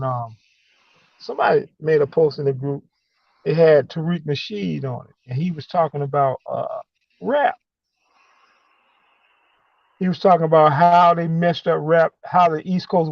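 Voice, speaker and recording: A man calling in and speaking emphatically in a preachy way, halting with many fillers between points. The audio is a dull, lo-fi call line. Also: a little high, vocal fry, no echo. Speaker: caller. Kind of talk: impassioned call-in monologue.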